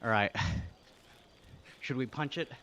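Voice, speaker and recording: With a bright, forceful tone at medium pitch and a slightly slow pace, an Australian man reads his stream's chat and thanks viewers as he cycles on an indoor trainer. He's breathy from exertion, and there's slight background noise.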